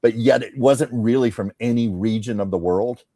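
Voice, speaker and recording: A man's voice: mid-range voice, moderate pace, dry recording, studio quality. A man hosting a casual tarot reading chat, conversational and musing. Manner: conversational, musing, drops to soft tones. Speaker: psychic tarot reader, host.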